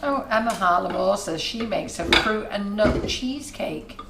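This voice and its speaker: A woman co-hosts a live baking stream, reading viewers' comments aloud in a chatty, conversational way. The kitchen around her is echoey. Kitchenware clatters clearly behind her. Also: mid-range voice, animated, a little slow, heavy background noise. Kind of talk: live cooking show chat. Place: shop's demo kitchen.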